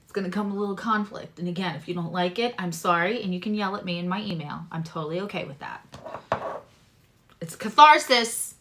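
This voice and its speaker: Bright-voiced chatty woman reading tarot. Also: on the low side, a little fast, slight background noise. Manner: animated and chatty, casual swearing, jumps between loud and soft. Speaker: tarot reader and astrologer. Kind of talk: casual tarot reading to camera.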